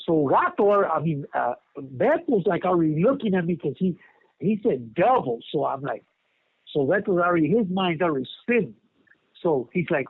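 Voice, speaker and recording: A man's voice: fairly high pitch, very animated, moderate pace, slightly rough, dry recording. A man telling a story from inside prison over a phone call, rambling in street slang with many repeated words. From California. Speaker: inmate telling his story. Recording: tinny prison phone line.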